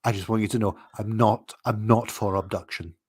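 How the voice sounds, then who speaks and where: Low-voiced man musing casually. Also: steady tone, slight background noise. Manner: musing, analytical, with thinking pauses. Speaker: podcast co-host. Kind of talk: casual chat.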